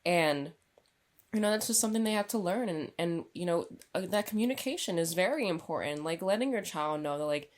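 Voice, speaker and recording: Casual lower-voiced young woman co-host. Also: expressive, fairly quick. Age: young adult. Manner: casual, swears, acts out her son's lines. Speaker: podcast co-host. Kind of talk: casual chat.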